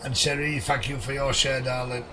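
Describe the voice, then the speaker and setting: A man live-streaming a game, greeting viewers by name in a chummy way, his voice going a little hoarse. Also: medium pitch, flat delivery, moderate pace, far from the mic, background noise.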